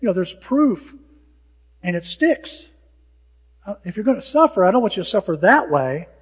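A male pastor preaching a sermon in an animated way, acting out the lines of people who mock. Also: sits high, normal speed, slightly rough. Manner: animated, acts out hecklers' lines. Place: church sanctuary. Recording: dull sound with long hall reverb.

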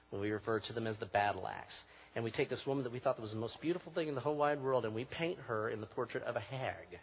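Husky-voiced male pastor preaching in a hall. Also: medium pitch. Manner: preaching, rising to forceful emphasis. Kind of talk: sermon. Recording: muffled recording with long hall reverb.

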